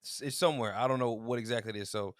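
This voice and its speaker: A man co-hosting a podcast races through his words in a mid-range voice, captured in clean studio sound with no echo. He tells stories in casual chat, acting out quotes and laughing often in an animated way.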